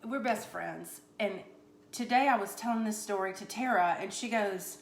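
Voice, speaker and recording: A woman's voice: mid-range voice, normal speed, roomy sound, slight background noise. A woman hosting a comedic cooking show on a live stream, rambling through a mock-boastful, tongue-in-cheek story.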